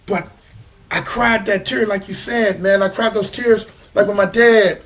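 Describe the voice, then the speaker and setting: A man's voice: sits high, fairly even intonation, a little slow, fairly bright tone. A man co-hosting a talk show, speaking from the heart and ending most phrases with "man". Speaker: co-host. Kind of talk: casual talk show chat.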